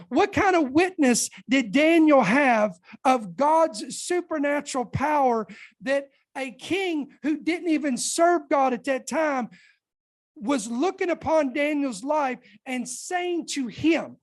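A woman's voice: sits high, expressive, unhurried. A woman preacher delivering a fervent sermon, calling out to her congregation for responses.

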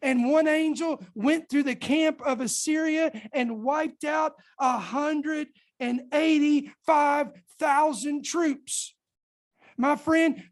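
A woman preacher delivering a fervent sermon, calling out to her congregation for responses. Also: high voice.

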